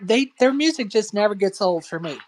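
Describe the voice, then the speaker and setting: A folksy woman hosts a casual online show, chatting to viewers and co-hosts. Her voice sits at an ordinary middle pitch, and she speaks frankly and plainly. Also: animated, brisk, a little mellow. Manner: chatty and folksy, says "y'all", frank opinions. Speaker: show host. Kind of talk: casual live-stream chat.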